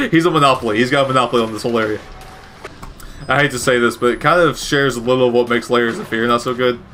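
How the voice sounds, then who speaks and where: A man's voice: medium pitch, quick pace, bright, forceful tone, a little hiss or hum. A man giving casual, rambling gameplay commentary with wry asides and frequent self-corrections. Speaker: gaming commentator.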